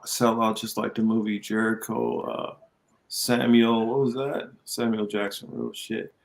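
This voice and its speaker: A man's voice: lowish voice, expressive, a little slow, gravelly. A man co-hosting a political podcast, talking in a loose, rambling way and reading viewer comments aloud. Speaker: co-host. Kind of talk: casual political podcast chat.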